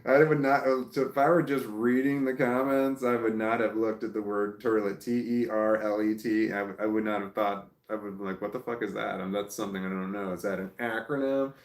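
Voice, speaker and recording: A man's voice: on the low side, fairly even intonation, brisk, few pauses, echoey room. A Southern man with a Southern American accent, casually reading and reacting to live comments in a stop-start, chuckling way. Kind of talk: casual livestream chat.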